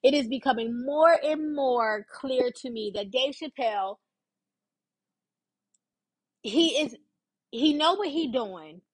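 A woman's voice: sits high, slow pace, long pauses, no echo, poor audio. Emphatic informal woman commentator. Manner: informal, emphatic, repeats points for stress. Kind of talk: casual opinion commentary.

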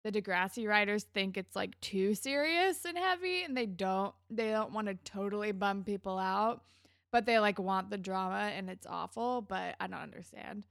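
A woman co-hosting a podcast, chatting in a relaxed, rambling way and laughing often as she recaps a TV episode. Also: medium pitch, moderate pace, creaky, no echo, studio quality. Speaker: podcast co-host. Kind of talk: casual chat recapping a TV episode.

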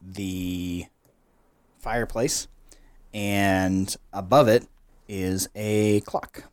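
A man's voice: lowish voice, steady tone, drawn-out words, no echo. A man narrating as game master of a tabletop game, loose and chatty with fillers.

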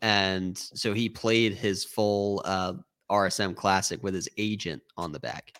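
A man's voice: low voice, fairly even intonation, a little slow, a bit bright, clear, resonant tone. A man co-hosting a casual golf-betting podcast, musing in a wry, easygoing way. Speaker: podcast co-host. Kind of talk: casual sports-betting chat.

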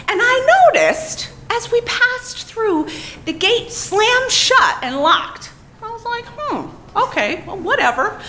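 A woman telling a comic personal story on stage, profane and animated, laughing as she talks. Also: high voice, slight background noise.

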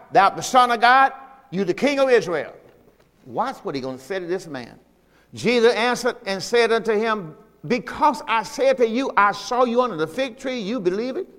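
A middle-aged pastor delivers a sermon in a notably high voice, reading scripture and breaking off to urge the congregation. His words ring out with a long reverb from the church sanctuary. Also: a bit bright. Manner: preaching, reading scripture aloud with call-and-response asides.

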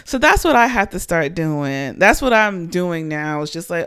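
A woman's voice: fairly low pitch, big pitch swings, moderate pace, clear, resonant tone. A woman in her late twenties hosting a podcast, rambling casually and animatedly with lots of fillers. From Panama. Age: 20s. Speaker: podcast host.

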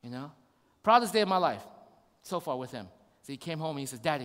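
A man's voice: on the high side, expressive, a little fast, pauses often, a bit bright, in a large hall. A man in his thirties, a pastor giving a conversational sermon with rhetorical questions.

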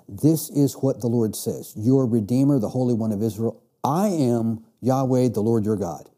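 Husky, mellow-voiced man teaching scripture. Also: mid-range voice. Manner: reads scripture then explains with emphatic restarts. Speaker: Bible teacher. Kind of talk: classroom Bible lecture.

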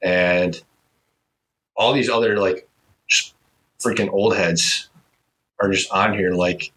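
Rambling young man, low voice. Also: slow, pauses often, poor audio. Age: young adult. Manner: rambling, animated, mimics others in high voices. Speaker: podcast host. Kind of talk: casual chat.

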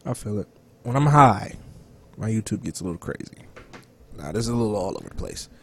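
A man co-hosting a casual podcast chat, loud and animated, profane, sometimes dropping to a whisper. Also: fairly low pitch, fairly quick, creaky, breathy edge. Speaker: podcast co-host.

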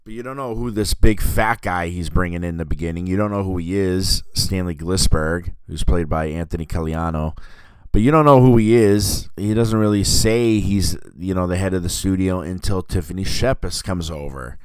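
Deep-voiced man rambling about a film. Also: moderate pace, smooth, no echo. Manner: rambling, full of fillers and self-corrections. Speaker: podcast host reviewing a film. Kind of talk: casual film review chat.

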